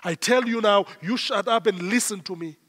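A man's voice: sits high, normal speed, a bit bright. A South African man acting out a stern commanding man rebuking a spirit, in clipped commands, within a sermon. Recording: long church hall reverb.

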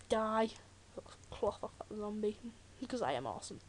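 A woman's voice: medium pitch, very animated, fairly quick. A teenage girl with a British accent, giving chatty, jokey commentary while playing a video game, full of rambling asides. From Britain. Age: teens. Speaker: Let's Play gamer. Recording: loud keyboard typing noise. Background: loud keyboard clicks and typing.

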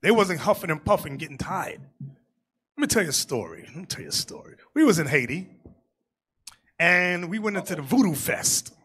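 Male bishop preaching, high bright voice with a very lively pitch, shouts during jokes. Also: normal speed, long pauses, husky. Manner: animated, joking storytelling with shouted asides. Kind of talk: sermon.

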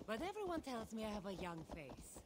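A woman's voice: mid-range voice, very animated, fairly quick, close to an everyday voice. An actress playing an ageless wandering woman warrior in a video game, wry and teasing, asking playful, probing questions. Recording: game audio with clear background noise.

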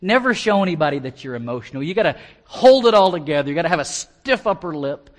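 An American man preaching an expository sermon as pastor, animated and often repeating words as he starts a phrase. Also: fairly high pitch, fast. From United States.

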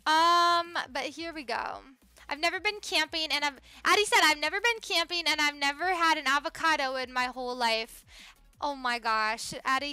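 A young woman streaming a game live, bubbly, greeting viewers by name and swinging between excited squeals and quiet murmurs. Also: sits high, no echo. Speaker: livestreamer. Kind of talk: live-stream gaming chat.

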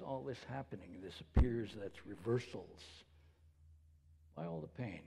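A male pastor preaching a sermon, posing rhetorical questions in a slow, deliberate way. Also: mid-range voice, creaky, mellow, slightly rough, big-room sound. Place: church sanctuary.

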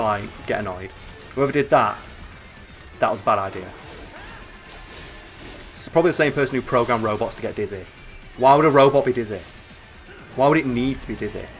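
A man giving excitable, sweary, joking commentary while playing a video game. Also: mid-range voice. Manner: excitable, sweary, jokey asides. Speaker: gaming channel host. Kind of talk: let's play commentary.

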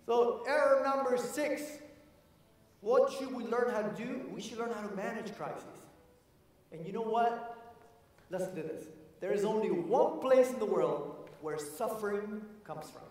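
A man with a high, bright voice delivers an energetic motivational talk, repeating his key phrases and asking the audience questions. He is picked up from a distance in a big hall, and a long reverb trails after his words. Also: unhurried. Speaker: keynote speaker. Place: large conference hall. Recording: echoey hall from far off.

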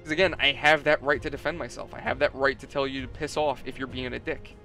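A man's voice: medium pitch, steady tone, fast talker, sharp tone, soft background music. A man hosting a gaming video, chatting casually and swearing freely as he tells a story and acts out the customers. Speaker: gaming channel host. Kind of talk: casual story-telling over gameplay.

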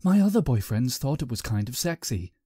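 A man's voice: very animated, fairly quick, warm tone, breathy edge, no echo, studio quality. A man voicing a playful, mischievous young girlfriend in a raised voice while reading a story aloud. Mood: teasing. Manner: raised-pitch, mischievous delivery.

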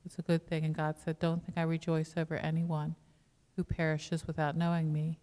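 Woman pastor, lowish smooth voice, chatty sermon full of rhetorical questions, church hall reverb. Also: monotone, moderate pace, darkish tone. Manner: conversational preaching with rhetorical questions to the congregation. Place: church sanctuary.

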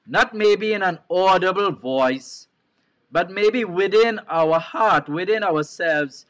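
A man's voice: high voice, slow, a bit bright. A man with a Trinidadian accent preaching a televised sermon as a bishop, repeating key phrases and putting questions to his listeners.

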